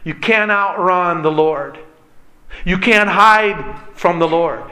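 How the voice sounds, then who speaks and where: A man delivering a sermon in an earnest, emphatic way. His voice sits high for a man and sounds bright and forceful. He leans on his points and speaks straight to his listeners. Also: takes it slowly. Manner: earnest preaching, emphatic, addresses listeners as beloved. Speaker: pastor.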